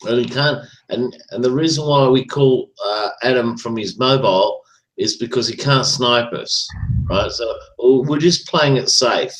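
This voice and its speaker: A man's voice: medium pitch, measured pace, a bit bright, poor audio. Ranting man on a talk call. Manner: ranting, profane, repeats "right?". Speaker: caller. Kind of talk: casual chat.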